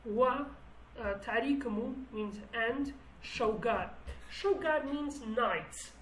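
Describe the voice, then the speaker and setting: A woman's voice: a little high, takes it slowly, fairly bright tone, reverberant, distant mic, a little hiss or hum, poor audio. A woman whose first language is Kurdish, explaining song lyrics word by word in English as a teacher, thinking aloud and restarting her phrases.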